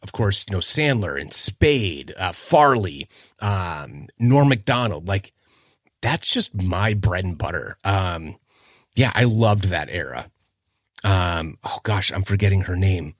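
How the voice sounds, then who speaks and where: Lively low-voiced man rambling on a podcast. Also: slow pace, dry recording, clean studio sound. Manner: rambling, chatty, trails off searching for names. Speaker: podcast host. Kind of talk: casual solo podcast chat.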